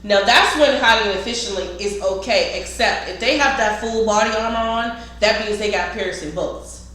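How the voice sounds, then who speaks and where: A woman's voice: medium pitch, moderate pace, fairly bright tone. Direct-speaking woman trainer, recorded in a very reverberant room. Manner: emphatic, direct, talks to viewers as y'all. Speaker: security trainer. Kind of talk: casual instructional talk. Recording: very echoey room, faint noise.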